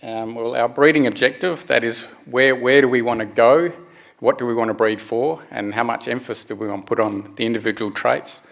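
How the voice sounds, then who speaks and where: A middle-aged man presents at a conference in a mid-pitched voice. He explains step by step and often stops to restart a phrase or fill a gap with "uh" and "um". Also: fairly even intonation, creaky, a bit bright. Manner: halting, many restarts and fillers. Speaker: conference speaker. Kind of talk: technical presentation.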